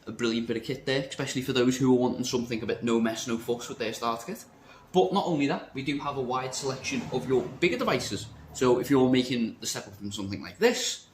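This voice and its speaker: A man's voice: mid-range voice, slight background noise. A young man running through a vape shop's stock in a casual, upbeat, playful vlog. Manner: chatty and upbeat, playful word choices. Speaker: vape shop staff presenter. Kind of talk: casual product rundown vlog. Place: indoor vape shop. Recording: roomy shop echo.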